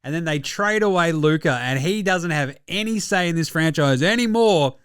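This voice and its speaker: A man's voice: on the high side, animated, moderate pace, fairly bright tone, clear, resonant tone, no room sound, clean studio sound. A man with an Australian accent hosting casual sports commentary, jokey and profane in his rants. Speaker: host.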